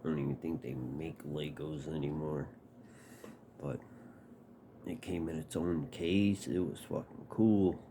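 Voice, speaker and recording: A man's voice: extremely low pitch, fairly even intonation, a little slow, dark tone, slight background noise. A man telling a personal story casually, swearing and acting out quotes.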